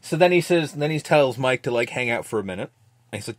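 A man hosting a podcast, casually recapping a movie with lots of swearing and quick acted-out lines. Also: mid-range voice, animated, no room sound. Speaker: podcast host.

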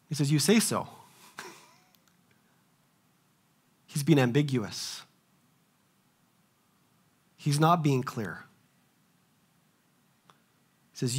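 A young adult man preaching a sermon as pastor, animated, asking rhetorical questions and acting out the voices he quotes. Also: on the high side, slow pace, long pauses, breathy edge.

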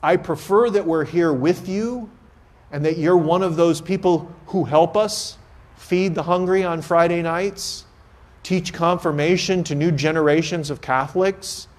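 A man's voice: a little high, a little slow. A man, a priest, giving a homily at a confirmation Mass and telling stories in an earnest, conversational way.

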